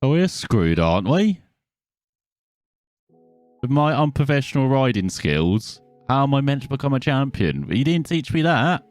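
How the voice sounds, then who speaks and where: A man's voice: medium pitch, sing-song, unhurried, no room sound, faint music behind. A man giving casual, self-mocking commentary while playing a racing game. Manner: chatty, self-mocking, easily distracted. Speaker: gaming video host.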